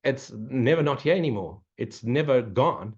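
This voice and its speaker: A man's voice: medium pitch, lively intonation, moderate pace, a little mellow, husky. A man giving a casual spiritual Q&A talk, blunt, swearing often and joking between his points. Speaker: spiritual teacher. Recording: muffled, lo-fi recording.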